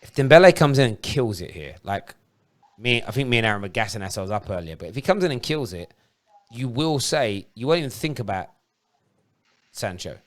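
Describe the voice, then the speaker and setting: A man, hosting a casual football watchalong with animated, laughing banter. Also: mid-range voice, fairly quick. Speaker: host of a football fan show. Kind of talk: casual live match watchalong chat.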